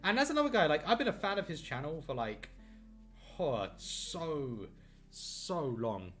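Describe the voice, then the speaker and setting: Soft music plays as this artist draws live in his home art studio, talking at a measured pace in a sing-song, higher-pitched voice. He's upbeat and meandering, frequently knocking himself and using plenty of fillers.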